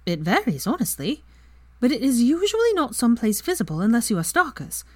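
A composed young witch who explains things in a steady, knowing way, voiced by a woman reader. Her voice sits higher than the narration. The sound is close and dry. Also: brisk, dry recording. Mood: explaining.

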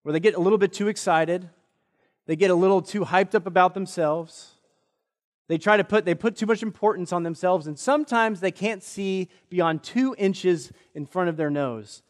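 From a church sanctuary, captured with long reverb, comes a male pastor's sermon: an earnest personal story at a moderate pace in a high voice, with others' words quoted in lively voices.

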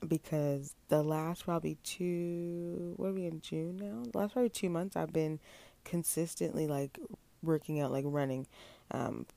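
Mellow, gravelly-voiced man chatting solo. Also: on the high side, moderate pace, no room sound. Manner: chatty, rambling, addresses listeners as y'all. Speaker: podcast host. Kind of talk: casual solo podcast monologue.

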